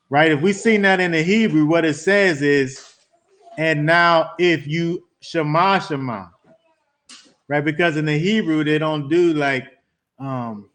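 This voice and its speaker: Man, teaching Bible study, conversational, repeats words for emphasis, slightly high voice.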